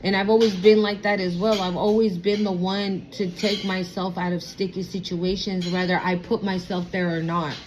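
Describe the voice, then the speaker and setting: A sassy woman in her thirties talks bluntly through a casual spiritual vlog, her pitch sitting in an ordinary middle range. She reads tarot and swears freely in loose slang. A faint hum hangs behind her. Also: level tone, normal speed, hardly any pauses, darkish tone, poor audio. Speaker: tarot reader.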